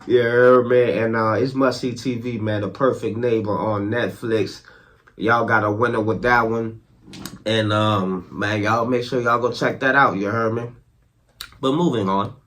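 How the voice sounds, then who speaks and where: Male podcast host, somewhat low-voiced, casual rambling commentary, lots of slang and listener check-ins. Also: fairly even intonation, measured pace, fairly bright tone, a little hiss or hum. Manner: rambling, with restarts.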